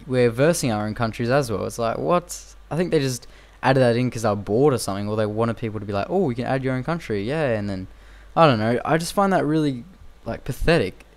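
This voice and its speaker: A man's voice: medium pitch, fairly quick, few pauses. A young man giving casual, rambling game commentary full of fillers and repeated phrases. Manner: rambling and repetitive, with frequent fillers. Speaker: gameplay commentator.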